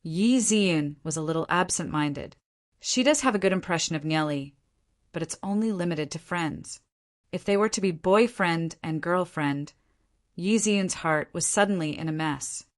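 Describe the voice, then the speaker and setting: A woman reads a novel aloud as an audiobook narrator. Her voice sits a little low for a woman, and she keeps the storytelling steady and even. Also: normal speed.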